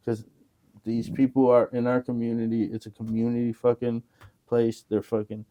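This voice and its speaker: A man hosting a casual podcast, talking fast and loose with lots of swearing and bursts of mimicry. His voice sits mid-range and sounds dry and close, with no room around it. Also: medium pitch, dry recording. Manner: animated, profane, loud mimicking of others. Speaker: podcast host. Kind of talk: casual chat.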